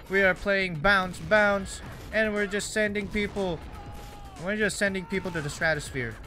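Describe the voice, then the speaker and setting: This is a young man from Canada who makes gaming videos, offering loose, self-deprecating, jokey commentary as he plays. His voice sits a little high and has a sharp edge.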